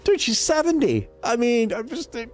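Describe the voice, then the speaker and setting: Lively, profane male streamer chatting. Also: very high-pitched, faint music behind. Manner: profane, rambling, quick to laugh. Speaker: livestream gamer. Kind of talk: casual livestream chat.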